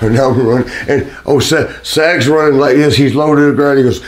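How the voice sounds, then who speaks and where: A man's voice: mid-range voice, brisk, a little hiss or hum. Man laughing through a casual anecdote. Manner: laughing through story, animated.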